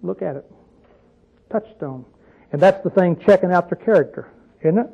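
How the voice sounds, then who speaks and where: A man with a high, gravelly, slightly rough voice talks fast on a muffled recording. He's giving an informal, conversational Bible teaching, often putting questions to his listeners and dropping in folksy stories and asides.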